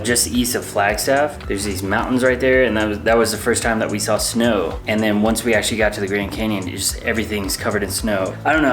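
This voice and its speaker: A man chatting casually in a travel vlog, rambling and laughing often. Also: on the low side. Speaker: travel vlogger.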